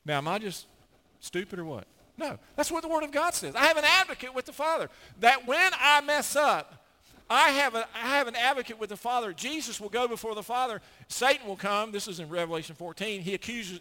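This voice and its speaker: An older man preaching with a high, bright, forceful voice. He talks emphatically, tripping over and repeating words when he gets worked up. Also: lively intonation, brisk. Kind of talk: sermon.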